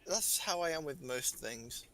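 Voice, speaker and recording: A man's voice: fairly high pitch, lively intonation, unhurried, pushed and bright. A young man chatting casually while gaming, joking and self-deprecating, often trailing off and restarting. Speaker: gamer.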